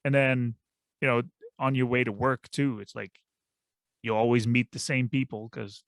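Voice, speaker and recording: A man co-hosts a casual podcast, talking in a loose, sometimes halting way. His voice has a gravelly fry to it, recorded dry and close. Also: medium pitch, little pitch movement, dry recording. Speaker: podcast co-host.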